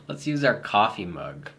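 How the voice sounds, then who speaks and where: Man, self-mocking vlogger muttering through a recording session, very lively pitch, unhurried. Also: slight background noise. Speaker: vlogger recording sound effects. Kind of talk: casual self-talk while working.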